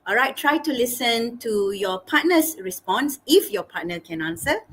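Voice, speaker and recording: A woman teacher, encouraging and reassuring students about a speaking exam in an animated way. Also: on the high side, moderate pace, a little hiss or hum, poor audio. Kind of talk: exam advice in an online lesson.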